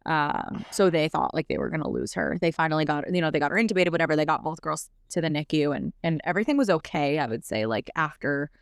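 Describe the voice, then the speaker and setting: Young woman guest on a podcast, lowish smooth voice, chatty storytelling w lots of fillers. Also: no echo, clean studio sound. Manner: rapid, animated retelling full of "like" fillers. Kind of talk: casual storytelling.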